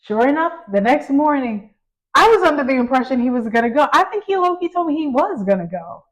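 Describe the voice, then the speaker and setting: A woman hosting a casual conversation, an animated storyteller who laughs often. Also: high-pitched, a little fast, rough recording. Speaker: host, mother.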